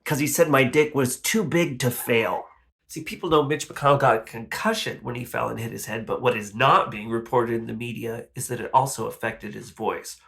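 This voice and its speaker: Bright-voiced man rambling deadpan comedy. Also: medium pitch, moderate pace, vocal fry, husky. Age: 40s. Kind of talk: absurdist comedy monologue.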